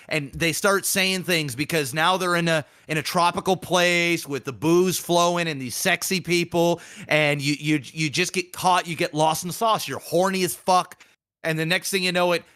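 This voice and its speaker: A man co-hosting a casual podcast, telling stories with lots of swearing and acting out the people he quotes. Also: on the high side. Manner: animated storyteller, profane, acts out quoted people. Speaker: podcast co-host.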